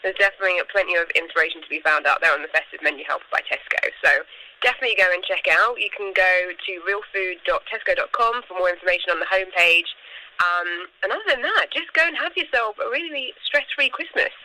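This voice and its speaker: A woman's voice: on the low side, quick pace, pushed and bright, low-quality recording. A woman guest on a radio show, chatting in an enthusiastic, bubbly way. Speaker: guest, baking show finalist. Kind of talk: promotional radio chat.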